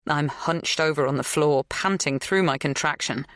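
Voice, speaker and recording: An audiobook narrator reading a suspense novel with measured tension. The voice sits in a middle range. The recording is dry and close. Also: medium pitch, fairly bright tone, dry recording. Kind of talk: scripted narration.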